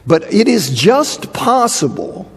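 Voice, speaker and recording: A high-pitched man gives a Bible lecture with a gravelly, husky edge to his voice. He leans on repetition for emphasis, and his words ring with the long echo of a large hall. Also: big pitch swings, slow. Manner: emphatic, repeats phrases for emphasis. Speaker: Bible teacher.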